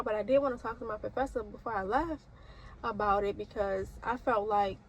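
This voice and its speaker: Young woman, slightly high voice, rambling vlog chatter, faint background hiss. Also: a little fast, a bit bright, rough recording. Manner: rambling, frequent "like" and restarts. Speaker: nursing student vlogger. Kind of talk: casual vlog talk.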